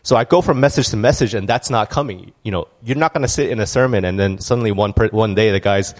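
A church speaker with a lowish voice talks fast through a conversational sermon. He's candid and tells stories, frequently restarting sentences and drifting into asides.

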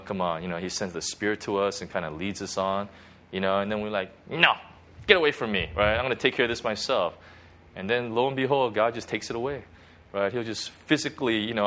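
A man gives a relaxed devotional talk in his ordinary speaking voice, sitting at a middle pitch. His delivery is loose and conversational, full of restarts, "you know" and quick "right?" check-ins with his listeners. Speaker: pastor. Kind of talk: informal devotional teaching.

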